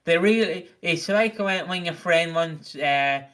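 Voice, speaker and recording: A man's voice: a little high, unhurried, a bit bright. A man from Britain co-hosting a podcast, joking casually with lots of hesitant ums while recapping a soap. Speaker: podcast co-host.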